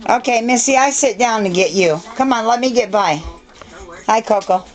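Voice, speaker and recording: A woman's voice: a little high, normal speed, faint music behind. A woman training her dogs with firm, repeated commands in a casual home video.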